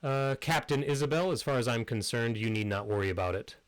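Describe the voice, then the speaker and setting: A man voicing a smooth, careful male town councilman who speaks formally, with hesitant fillers. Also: medium pitch, fairly quick, no room sound, natural voice, rough recording. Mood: measured, formal.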